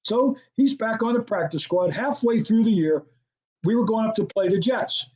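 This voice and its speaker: A man's voice: sits high, normal speed, muffled recording. An older man, a former football coordinator, telling a story as an interview guest and acting out the dialogue. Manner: animated storyteller, acts out quoted dialogue, laughs often.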